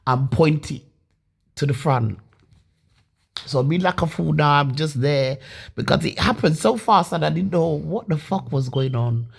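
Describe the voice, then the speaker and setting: A woman's voice: deep voice, unhurried, vocal fry, husky. A woman from Leeds telling her own story casually and animatedly, with many restarts and some swearing. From Leeds, England.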